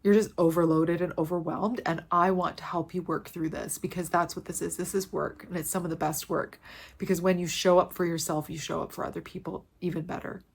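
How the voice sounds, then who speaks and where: A woman's voice: lowish voice, flat delivery, brisk, vocal fry, breathy edge. A woman fitness coach giving an earnest, heartfelt motivational talk to her viewers, repeating key phrases for emphasis and close to tears with emotion.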